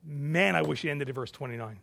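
A male pastor preaching a sermon, moving between hushed reflection and forceful declarations. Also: fairly high pitch, brisk, gravelly.

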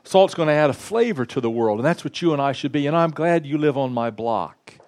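A man delivers a sermon in an animated, chatty way. His voice sits fairly high for a man. He jokes and speaks straight to people in the pews. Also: fairly quick. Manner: animated, conversational preaching with props and asides to the congregation. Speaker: pastor.

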